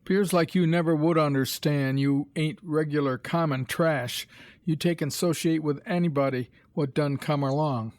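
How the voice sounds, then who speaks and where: A man's voice: fairly high pitch, fairly even intonation, moderate pace, no room sound, natural voice. A man reading aloud, voicing a sarcastic older stable hand who scolds fighting boys. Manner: loud, scolding, heavy dialect.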